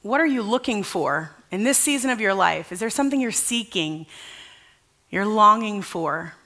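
A woman's voice: mid-range voice, lively intonation, normal speed, sharp tone. A woman pastor giving a conversational sermon at a church service, earnest and casual, asking the congregation questions.

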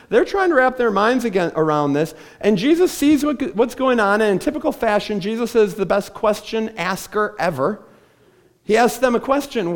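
Man, pastor, sermon, high voice, wide-ranging lively pitch, animated storytelling. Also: normal speed. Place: church stage.

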